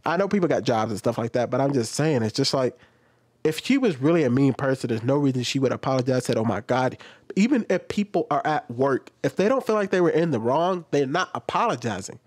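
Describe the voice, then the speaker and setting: A man giving casual reaction commentary on a clip, animated and laughing, acting out retorts in a lower mock voice. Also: fairly quick.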